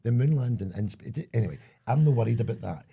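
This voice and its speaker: A man's voice: medium pitch, animated, quick pace, gravelly, dark tone, breathy edge. A Scottish man, the older co-host of a chat show, telling rambling stories and acting out voices along the way. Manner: rambling storyteller, acts out voices. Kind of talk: casual chat.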